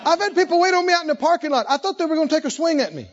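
A man preaching a sermon with animated, rhythmic repetition and emphatic phrasing. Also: very high-pitched, very fast, lo-fi sound, some chatter behind.

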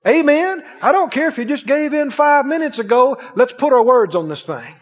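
A man's voice: very high voice, animated, normal speed. A man preaching a sermon, chuckling often and asking the congregation questions. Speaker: pastor. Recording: dull, lo-fi sound in a reverberant hall.

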